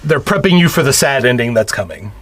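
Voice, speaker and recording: A man's voice: mid-range voice, sing-song, a little fast, a bit bright, a little hiss or hum. Wry man chiming in on a podcast. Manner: dry quips and short agreeing interjections. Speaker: podcast co-host. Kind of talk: casual chat, film discussion.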